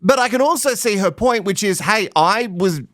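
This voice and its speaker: A man's voice: high-pitched, expressive, normal speed, a bit bright, dry recording, studio quality. A man giving sarcastic, laughing commentary on a reality TV show. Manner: sarcastic, mocking, laughs often. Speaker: commentary host. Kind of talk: casual reality TV recap commentary.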